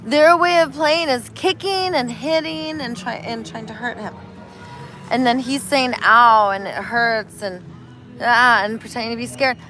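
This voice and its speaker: A woman, a spiritual healer, talking casually and telling animated stories, acting out voices as she goes. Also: fairly high pitch, normal speed, faint music behind, rough recording. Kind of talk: casual street conversation.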